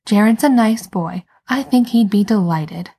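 A woman's voice: medium pitch, a little slow, warm tone, breathy edge. A woman reading a fussy, doting mother who nags her grown son. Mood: coaxing. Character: doting, nagging middle-aged mother. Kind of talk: fan fiction read aloud.

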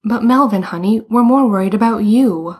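A woman's voice: fairly high pitch, moderate pace, breathy edge, voice pushed up. A woman reading a tender, worried mom. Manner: tender, concerned. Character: caring, worried mother.

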